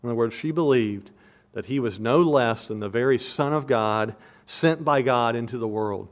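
A man's voice: mid-range voice, normal speed. A man giving an expository sermon, earnest and emphatic, repeating his questions for stress and explaining verses and verb tenses like a teacher. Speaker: preacher.

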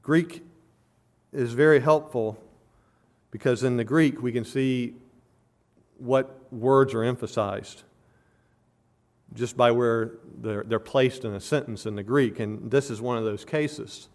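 Male pastor, mid-pitched, expository preaching, measured with emphatic peaks. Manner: measured teaching, rising to emphatic stress on key words. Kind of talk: expository sermon.

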